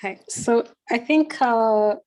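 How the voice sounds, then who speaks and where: A woman's voice: on the high side, slow pace, darkish tone, a little hiss or hum. A woman hosting a panel on a video call, offering her view hesitantly and with frequent filler sounds. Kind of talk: conversational panel discussion.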